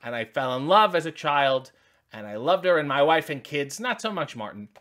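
A man's voice: fairly high pitch, big pitch swings, moderate pace, fairly bright tone. A man in his forties hosting a casual unboxing video, rambling with wry jokes and many asides. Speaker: channel host.

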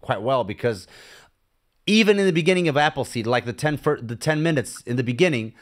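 A man's voice: mid-range voice, lively intonation, fairly quick. A man hosting a casual podcast interview, chatty and enthusiastic, with frequent fillers. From Portugal. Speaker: podcast host.

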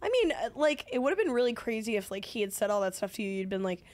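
A woman with a fairly high voice co-hosts a casual podcast. She keeps jumping in with playful, jokey remarks. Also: sing-song, fast, no echo. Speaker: podcast co-host. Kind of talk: casual chat.

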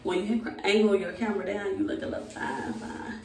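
Young woman vlogger, casual and chatty, gravelly, recorded off-mic in a roomy space. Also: medium pitch, fairly quick, hardly any pauses. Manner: chatty, talks straight to followers as "y'all". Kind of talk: casual vlog talk to camera. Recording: echoey room, voice a bit far from mic.

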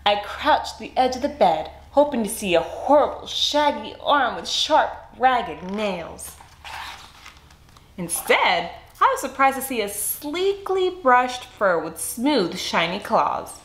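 A woman reading a children's picture book aloud, expressive and unhurried. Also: a little high, slight background noise. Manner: expressive, slow and clear. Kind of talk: storybook read-aloud. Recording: echoey room, faint music.

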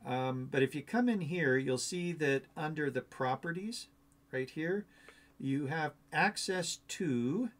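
A man hosting a coding tutorial, talking through a screen-share walkthrough in a casual, rambling, thinking-aloud way. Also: fairly high pitch.

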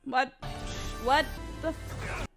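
A young woman streaming her reaction to a game, loud, laughing and swearing as she talks back to the screen. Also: sits high, fairly even intonation, extremely slow, creaky, over music. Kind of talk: casual reaction commentary. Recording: game audio playing behind her.

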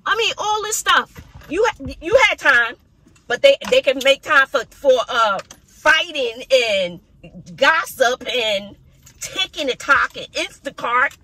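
A woman's voice: high-pitched, lively intonation, slow, pushed and bright. A woman teacher talking casually to the camera in a classroom, ranting expressively with frequent sighs and laughs. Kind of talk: casual vlog talk to camera.

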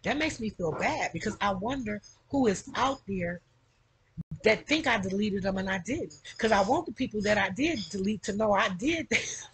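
A woman's voice: mid-range voice, lively intonation, moderate pace, slightly rough, low-quality recording. A middle-aged woman chatting casually to her camera at home, rambling and tagging nearly every phrase with "okay?". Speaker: vlogger.

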